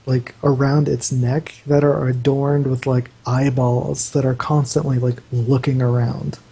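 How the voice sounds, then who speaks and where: A man's voice: medium pitch, level tone, unhurried, gravelly, dark tone, breathy edge, poor audio. A man running a tabletop game as game master, narrating loosely with lots of "like" fillers. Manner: loose, meandering, full of "like" fillers.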